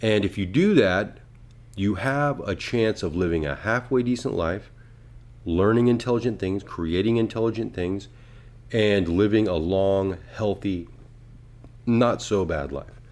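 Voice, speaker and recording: A man's voice: on the low side, unhurried, a little mellow. A man hosting a podcast in casual chat, rambling and swearing freely while acting out what people would say. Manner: rambling, profane, acts out voices. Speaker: podcast host.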